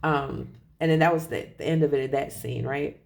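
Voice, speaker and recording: Rambly tarot reader voice, lots of fry, keeps correcting itself, chill spiritual chat. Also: mid-range voice, moderate pace. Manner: rambling, self-correcting, laughs softly. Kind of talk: casual spiritual reading.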